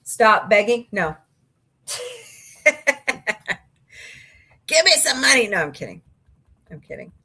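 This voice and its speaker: Lively, bright-voiced woman streamer chatting. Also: fairly high pitch, takes it slowly, pauses often, slightly rough. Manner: chatty and sarcastic, jokes and laughs with her chat. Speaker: livestream host. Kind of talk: casual livestream chat reading viewer comments.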